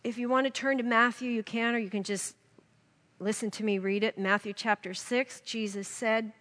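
A woman's voice: on the high side, fairly even intonation, moderate pace, fairly bright tone, big-room sound. A woman giving an earnest devotional Bible teaching, reading scripture aloud to her listeners.

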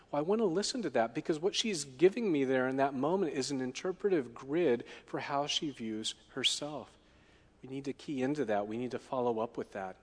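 A man's voice: mid-range voice, moderate pace. A man preaching a sermon as a pastor, often asking the congregation questions. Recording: long hall reverb.

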